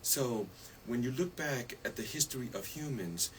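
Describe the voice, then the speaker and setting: A man's voice: medium pitch, expressive, moderate pace, a little hiss or hum, low-quality recording. A man as a radio guest, chatting casually about stress and wellness, laughing often and asking "you see?".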